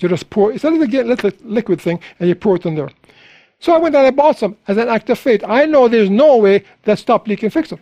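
A high-pitched man preaching, his voice lifting sharply on the key words. The sound is dry and close, with no room around it. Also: dark tone, dry recording. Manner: storytelling preacher, rising to high emphatic peaks. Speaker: pastor. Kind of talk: sermon.

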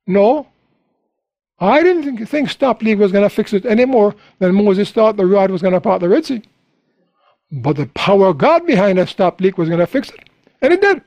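High-voiced preacher, dry sound. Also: male voice, a little mellow, no echo, dull audio. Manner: storytelling preacher, rising to high emphatic peaks. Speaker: pastor. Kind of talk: sermon.

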